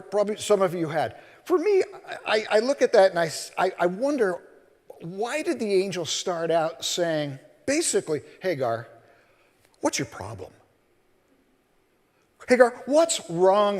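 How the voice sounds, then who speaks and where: A male minister giving a sermon, telling scripture stories in an animated way and acting out the voices. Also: sits high, normal speed. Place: church sanctuary. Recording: long reverb of a large hall.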